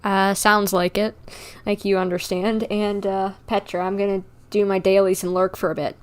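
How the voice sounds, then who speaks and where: A woman's voice: mid-range voice, little pitch movement, normal speed, clean tone. A woman streamer giving casual, chatty live commentary over a game, with lots of fillers and laughter.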